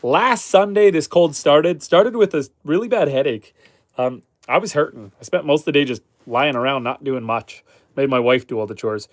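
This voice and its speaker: A man from Canada hosting a homesteading livestream with a head cold, his voice stuffy and slightly hoarse, chatting upbeat with viewers and his animals. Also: a little high, normal speed, dry recording. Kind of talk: casual livestream chat reading viewer comments. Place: chicken coop on a homestead.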